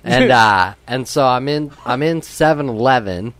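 A young man hosting a casual podcast among friends. He talks loosely and swears a lot, and he keeps laughing while he tells a story. His pitch sits in the middle for a man. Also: measured pace, fairly bright tone, no room sound. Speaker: podcast host.

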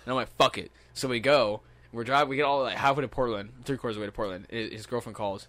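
A man's voice: mid-range voice, fast, fairly bright tone. Profane rambling young man telling stories. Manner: profane, rambling, laughs often. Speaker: podcast host. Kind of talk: casual storytelling chat.

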